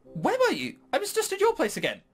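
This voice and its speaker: A player reading a visual novel aloud, voicing a frightened young woman in a high, pleading tone. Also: wildly swooping pitch, brisk, faint music behind, heavily acted. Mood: anxious.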